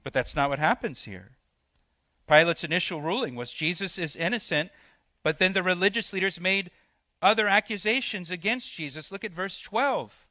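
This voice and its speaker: Bright-voiced male pastor preaching. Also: high-pitched, expressive, moderate pace, no room sound. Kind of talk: expository sermon.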